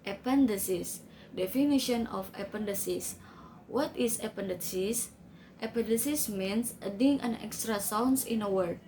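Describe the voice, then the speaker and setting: Slow, careful woman presenting a lesson. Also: mid-range voice, dark tone, a little hiss or hum, low-quality recording. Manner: slow, careful reading with non-native grammar slips. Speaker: student presenter. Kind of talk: reading a class presentation.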